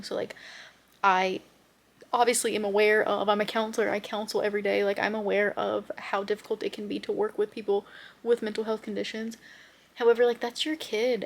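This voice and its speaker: A young woman in her twenties chatting casually and expressively in a reading vlog, often ranting with strong feeling. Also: mid-range voice. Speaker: book vlogger.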